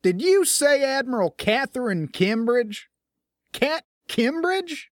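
Hostile male controller, raised and forceful, barking warnings, played by a man. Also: high-pitched, lively intonation, normal speed, no echo, clean studio sound, voice pushed up. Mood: stern. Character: stern male officer, hostile colony approach control.

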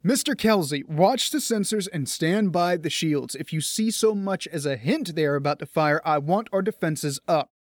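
Man playing a commanding male starship captain, firm, soft-spoken, dry close sound, audiobook. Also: fairly high pitch, lively intonation, moderate pace, few pauses, no room sound.

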